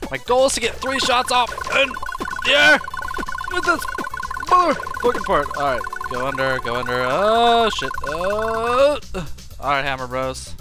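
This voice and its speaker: A man's voice: high voice, very animated, moderate pace. A man playing a hard game and commenting live, swearing a lot and screaming when he is in danger. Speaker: gaming video host. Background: game music.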